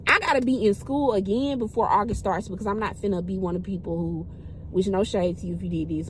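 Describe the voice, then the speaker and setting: A woman in her twenties telling a personal story in a casual vlog, chatty and animated, talking straight to her viewers. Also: mid-range voice, slight background noise, low-quality recording. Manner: chatty, animated, keeps addressing viewers directly. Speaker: vlogger.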